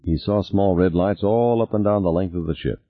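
A man narrating an audiobook in scripted narration with a measured, expressive reading. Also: sits low. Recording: tinny lo-fi recording.

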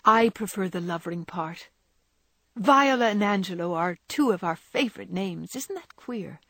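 A woman's voice: mid-range voice, animated, moderate pace, fairly bright tone, no echo, clean studio sound. A woman reading the part of a proper, ladylike eldest sister who sounds a little condescending. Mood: wistful.

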